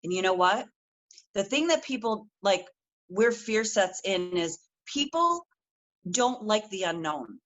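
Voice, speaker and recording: A woman's voice: medium pitch, sing-song, takes it slowly, highs cut off. A middle-aged woman, a guest coach on a podcast, talking earnestly and acting out quotes as she tells her story. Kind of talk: casual interview chat.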